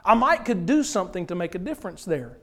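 Man, preacher, very high voice, earnest verse-by-verse sermon. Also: very animated, fast, a bit bright. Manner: earnest, explaining scripture verse by verse.

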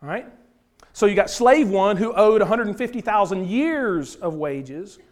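A man's voice: sits high, lively intonation, unhurried. A man preaching a sermon, explaining scripture verse by verse in an earnest way.

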